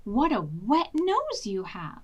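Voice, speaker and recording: A sweet, fussing old grandmother with a high, sing-song voice that swoops all over the place, as a woman reads her aloud. She coos lovingly and sounds storybook-bright. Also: huge pitch swings, slow, husky, lo-fi sound, heavily acted. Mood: doting.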